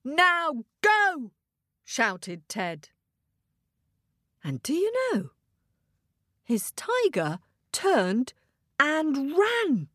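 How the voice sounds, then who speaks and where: A woman narrating a children's story expressively and gently, speaking to young listeners. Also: high voice, wildly swooping pitch, extremely slow, long pauses, no room sound, studio quality.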